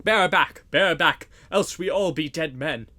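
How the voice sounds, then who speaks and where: A man's voice: mid-range voice, slow. A man reading as a bellowing, angry sheriff. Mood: angry commanding. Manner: loud, bellowing orders. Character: blustering, commanding middle-aged male sheriff.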